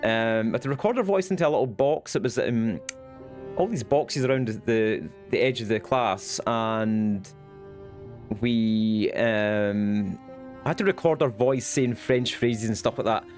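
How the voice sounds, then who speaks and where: A man's voice: fairly low pitch, unhurried, a little mellow, faint music behind. A young Scottish man chatting casually on his live stream, rambling and swearing now and then. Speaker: Twitch streamer.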